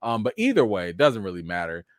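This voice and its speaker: A man's voice: lowish voice, huge pitch swings, fast talker, no room sound, clean studio sound. A man hosting a live chat reaction and review of a TV episode, talking casually with lots of "you know" fillers. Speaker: show host and reviewer.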